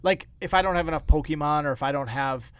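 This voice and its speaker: Man, podcast co-host, rapid chatty delivery, slightly high voice. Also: clear, resonant tone, no echo. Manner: quick, chatty, explains his practical tips. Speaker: podcast co-host, card shop owner. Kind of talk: casual chat.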